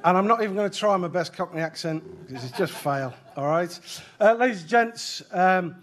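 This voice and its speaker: A man's voice: high-pitched, expressive, brisk, a bit bright. A man from the UK chairing an event and giving a joking, chatty welcome speech in a function room. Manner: joking, self-deprecating, chatty. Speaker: chair of rescue organisation, event speaker.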